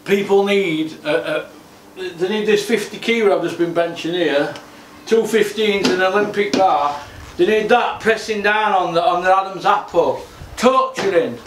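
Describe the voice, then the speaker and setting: Brief: man, high-pitched, fuming solo rant, recorded off-mic in an echoey gym. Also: normal speed, a bit bright, distant mic, a little hiss or hum. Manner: exasperated, repetitive ranting. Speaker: boxing commentator. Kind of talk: ranting vlog monologue. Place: home gym.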